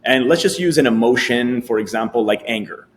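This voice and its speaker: A man who is a guest coach, explaining a thinking technique step by step and acting out lively inner voices as examples. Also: medium pitch, fairly quick, a little hiss or hum. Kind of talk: explanatory interview talk.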